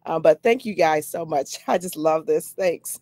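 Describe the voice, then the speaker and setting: A woman's voice: low-pitched, normal speed, warm tone, no room sound, clean studio sound. A woman giving a chatty personal testimony on a video call, laughing often and repeating herself. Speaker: guest on a live company update.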